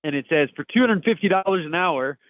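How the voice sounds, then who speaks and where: A man's voice: a little high, lively intonation, a little fast, no room sound. Upbeat man on tinny podcast audio. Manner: upbeat, laughing. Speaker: podcast co-host. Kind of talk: casual chat reading memes aloud. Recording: tinny phone-like dry audio.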